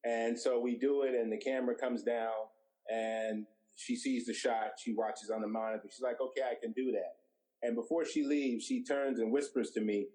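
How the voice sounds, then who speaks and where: A man's voice: medium pitch, moderate pace, poor audio. A middle-aged man, a guest director, telling stories in an interview and acting out quoted dialogue. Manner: animated storyteller who acts out quoted dialogue. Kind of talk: anecdotal storytelling interview.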